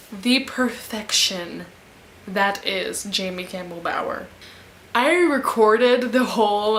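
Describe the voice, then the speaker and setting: A young woman vlogger chatting casually and gushing excitedly, with gasps and squeals. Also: fairly high pitch, reverberant. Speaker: book vlogger. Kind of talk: casual vlog chat.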